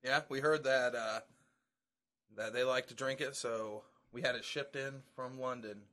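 A man's voice: medium pitch, fairly even intonation, a little slow, a bit bright. Man chatting loosely, swearing freely. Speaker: podcast co-host. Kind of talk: casual chat.

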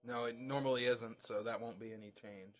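A man's voice: mid-range voice, steady tone, a little fast, a bit bright. A man co-hosting a podcast in loose, joking casual chat, swearing freely. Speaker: podcast co-host.

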